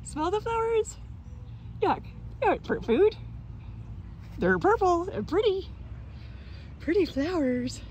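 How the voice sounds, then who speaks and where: A woman's voice: very high voice, sing-song, slow, long pauses, darkish tone, slight background noise. A woman vlogging outdoors in a park, chatting to her pet cockatoo in cooing, sing-song baby talk, recorded on a handheld phone. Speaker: vlogger and bird owner. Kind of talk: casual chat to her pet.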